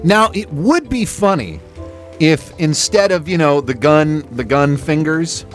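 A man co-hosting a comedy podcast, rambling in animated casual chat with casual swearing. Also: fairly high pitch, a little slow, soft background music. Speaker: podcast co-host.

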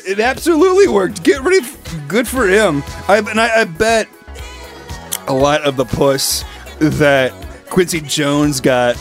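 A man co-hosting a podcast, trading crude jokes, laughing often and slipping into loud shouted voices. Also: high voice, animated, unhurried, faint music behind. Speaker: podcast co-host. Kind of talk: crude comedic banter.

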